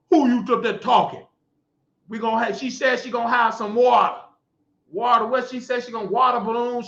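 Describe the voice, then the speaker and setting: A man's voice: very high-pitched, creaky, pushed and bright. A middle-aged man hosting a talk show, delivering a scolding, mocking, preachy rant. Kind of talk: ranting monologue. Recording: echoey lo-fi room sound.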